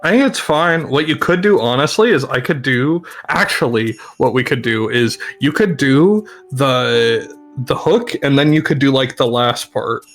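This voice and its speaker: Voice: medium pitch, animated, a little slow, fairly bright tone, soft background music. A young adult guest on a livestream, easygoing and a little bemused, talking through hesitant fillers. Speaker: guest on a stream. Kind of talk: casual chat on a livestream.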